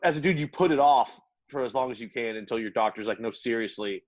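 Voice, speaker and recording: A man's voice: medium pitch, fast, no room sound. A man co-hosting a podcast who tells a rambling, profane story in casual chat, padded with "like" and laughter. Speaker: podcast co-host.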